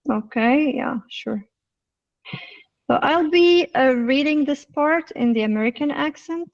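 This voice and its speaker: A woman teaching an English lesson in a live online session, explaining patiently and reading examples slowly. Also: high voice, recorded from a distance, muffled recording.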